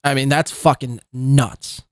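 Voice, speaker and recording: A man's voice: mid-range voice, steady tone, measured pace, no room sound. A man hosting a podcast, giving sarcastic, mocking commentary on clips and swearing freely. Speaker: podcast host.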